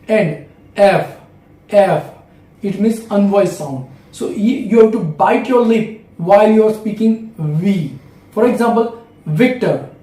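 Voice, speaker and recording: A man's voice: high voice, warm tone, roomy sound, far from the mic, low-quality recording. A man with an Indian English accent giving a step-by-step video lesson as an English exam tutor, repeating key phrases.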